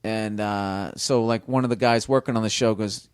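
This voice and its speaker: A man telling a long story in a casual podcast chat, rambling and profane, dropping into quick impressions of other people. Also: on the low side, steady tone, clear, resonant tone, no room sound, studio quality. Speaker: comedian guest. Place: small home studio.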